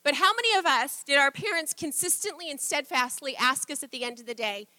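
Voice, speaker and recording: Bright-voiced woman pastor, chatty sermon. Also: high-pitched, fairly quick, hardly any pauses, dry recording. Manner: chatty, laughs often, acts out quotes. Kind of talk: conversational sermon.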